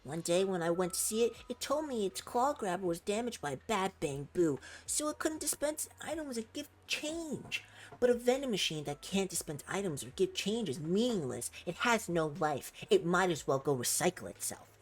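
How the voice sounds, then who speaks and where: Picture a tiny, anxious robot helper from a video game, voice pitched up and wobbling as it blames itself for everything, put on by a woman reading along. The delivery is fretful and weepy, rising and falling in lively swoops. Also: normal speed. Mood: tearful. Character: small tearful robot helper, anxious and self-blaming.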